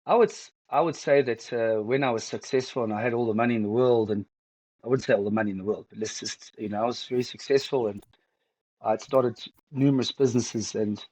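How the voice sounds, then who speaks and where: A middle-aged man opens up in an interview, his voice heavy and close to tears. He talks in halting bursts, restarting sentences as feelings catch up with him. The sound is dry and close, with almost no room around it. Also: mid-range voice, no echo, rough recording. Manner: halting, emotional, with many restarts. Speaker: guest. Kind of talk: candid personal interview.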